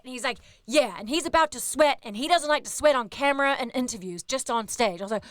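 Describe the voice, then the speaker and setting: Lively New Zealand woman telling anecdotes. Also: high voice, fast talker, hardly any pauses, no room sound, clean studio sound. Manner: animated, swears, acts out others in quoted voices. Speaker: radio host. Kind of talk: casual storytelling.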